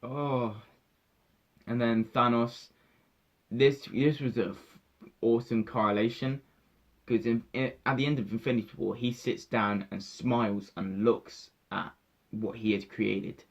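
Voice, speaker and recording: A young man, giving an emotional, halting spoiler review of a film that often repeats itself. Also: medium pitch, steady tone. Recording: dull lo-fi sound.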